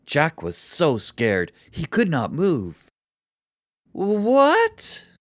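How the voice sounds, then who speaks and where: A narrator reading a children's story for English learners in a slow, deliberate and expressive way. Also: medium pitch, no echo, clean studio sound.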